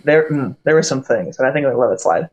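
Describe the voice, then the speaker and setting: Male game master; halting, filler-heavy narration. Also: medium pitch, expressive, lo-fi sound. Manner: hesitant, full of fillers.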